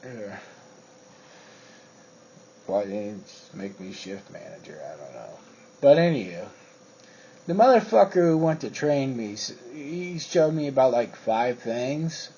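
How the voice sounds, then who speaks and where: A man's voice: medium pitch, big pitch swings, measured pace, gravelly, pauses often, dark tone, breathy edge. A man telling a rambling personal story in casual talk, swearing freely and using lots of fillers. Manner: profane, rambling, with frequent fillers. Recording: dull lo-fi recording with faint crickets.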